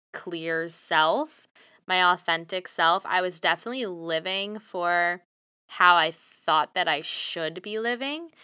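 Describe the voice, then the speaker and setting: A woman's voice: on the low side, pushed and bright, clear, resonant tone, no room sound, studio quality. Blunt, passionate young woman podcaster. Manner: blunt, passionate, swears freely. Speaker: podcast host. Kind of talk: solo motivational podcast.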